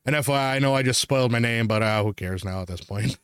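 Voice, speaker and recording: A man's voice: medium pitch, quick pace, hardly any pauses, a bit bright, smooth, no echo, clean studio sound. A man, a podcast co-host, telling a personal ghost story in a casual, profane, rambling way.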